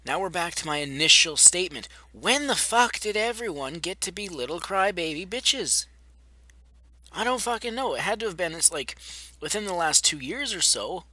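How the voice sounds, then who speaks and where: A young male vlogger rants to camera in a blunt, profane, sarcastic way, frequently mocking those he argues against. His voice is high and bright with lively intonation, pushed at a normal speed, and the recording has no echo.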